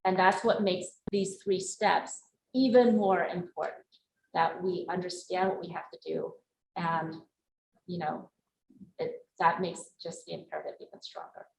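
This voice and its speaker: A woman's voice: fairly low pitch, fairly even intonation, a little slow, creaky. A woman speaker and career coach giving a live talk and answering audience questions in an earnest, emphatic way. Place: event room before a live audience. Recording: echoey room, faint noise.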